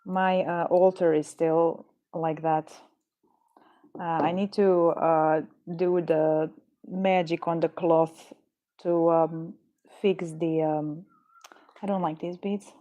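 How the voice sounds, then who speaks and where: A woman's voice: low voice, little pitch movement, slow, long pauses, warm tone. A woman streamer chatting casually and jokingly with her viewers, rambling and tripping over words. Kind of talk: casual live-stream chat. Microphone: headset or desk mic.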